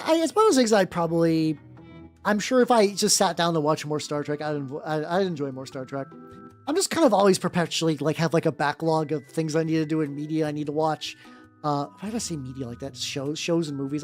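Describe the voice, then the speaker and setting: A woman VTuber with a low, somewhat dark voice chats casually on a live stream while painting miniatures. She rambles, using lots of fillers and cutting herself off, and describes her own voice as nerdy. Faint music plays in the background.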